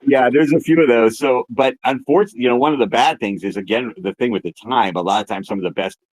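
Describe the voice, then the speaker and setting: A man's voice: medium pitch, fast, a little mellow, dry recording. A man talking casually about writing for animation, with many ums and restarts. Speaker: animation writer. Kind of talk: casual interview chat.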